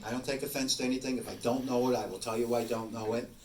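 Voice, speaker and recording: A man's voice: medium pitch, fast. A man in his sixties, a paranormal investigator, telling rambling stories to an audience and acting out both sides of conversations. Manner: rambling, animated, acts out both sides of dialogue. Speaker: paranormal investigator giving a talk. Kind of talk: casual storytelling talk to an audience. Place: room with an audience. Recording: echoey room, distant mic, faint noise.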